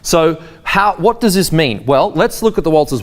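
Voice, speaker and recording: A man's voice: a little high, very animated, moderate pace, few pauses. A man teaching a waltz lesson, explaining timing and counting beats aloud with a sing-song lilt. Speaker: dance teacher. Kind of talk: spoken dance lesson. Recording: faint waltz music behind. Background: waltz music.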